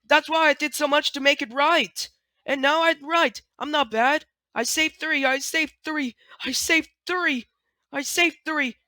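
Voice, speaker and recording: A speaker reading out a remorseful cartoon creature that pleads its case, repeating itself over and over. The voice sits a little higher than usual and is bright. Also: steady tone, measured pace, dry recording. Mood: pleading. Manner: pleading, repetitive.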